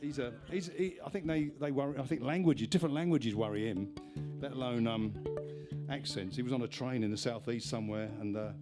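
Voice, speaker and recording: With music playing, a folk singer-songwriter on stage at a live music venue chats between songs into a stage vocal mic with a monitor. He speaks a little fast at a medium pitch, meandering and interrupting himself so that sentences keep starting over.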